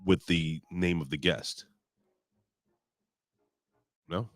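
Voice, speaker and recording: A hoarse man hosting a casual wrestling review show, rambling, joking and swearing freely. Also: low voice, fairly even intonation, very slow, no echo, soft background music. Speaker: podcast host.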